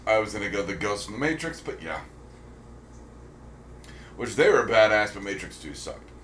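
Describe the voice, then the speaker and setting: This male podcast co-host has a lowish, slightly bright voice with big pitch swings and a moderate pace. He chats casually about films and shows, rambling with lots of ums and restarts, in a roomy, echoey recording with faint noise.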